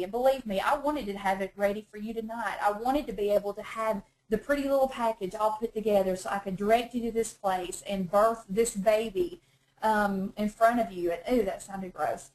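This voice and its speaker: A woman's voice: medium pitch, fairly even intonation, normal speed, a little mellow, rough recording. A woman teaching a women's Bible study in a chatty, self-deprecating way, often laughing at herself. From North Georgia, USA.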